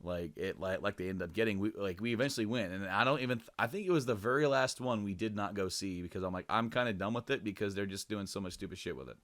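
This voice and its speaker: A young podcast co-host with a lowish, fairly bright voice talks fast with few pauses in casual chat. He rambles with lots of fillers and restarts, swears freely, and jumps into a raised voice to act out quoted lines.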